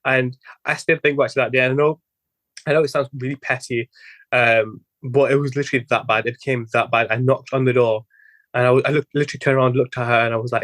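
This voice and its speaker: A man's voice: mid-range voice, little pitch movement, a bit bright, no room sound. A young man talking as a guest physiotherapist in a podcast interview, rambling with many restarts and quoting his own past thoughts. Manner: rambling, quick, many restarts and quoted self-talk.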